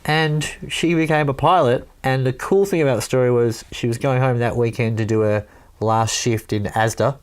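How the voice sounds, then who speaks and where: A man's voice: medium pitch, steady tone, moderate pace, clear, resonant tone. A Welsh man from Wales telling a rambling story in casual chat, laughing often and swearing now and then.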